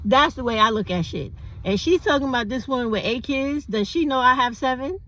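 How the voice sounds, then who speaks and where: A woman's voice: sits high, brisk, a bit bright, low-quality recording. A middle-aged woman, talking bluntly and preachily in a casual, profane opinion monologue. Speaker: commentary vlogger.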